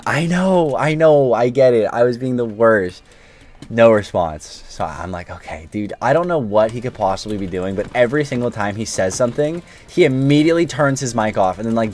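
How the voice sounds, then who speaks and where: Man, gaming video host, casual rambling storytelling, faint music behind. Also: mid-range voice. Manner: chatty, self-deprecating, apologetic anecdote. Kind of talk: casual storytelling while playing a game.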